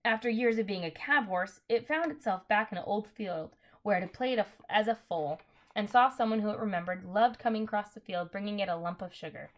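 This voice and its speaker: A woman's voice: medium pitch, a little fast. A woman reading a children's novel aloud in a casual way, correcting her slips and adding apologetic asides. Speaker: reader.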